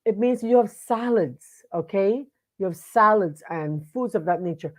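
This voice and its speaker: This woman's medium-pitched voice has lively intonation and an unhurried pace. Hosting a live online talk show from a home studio computer, she greets viewers by name and talks casually with lots of fillers and restarts.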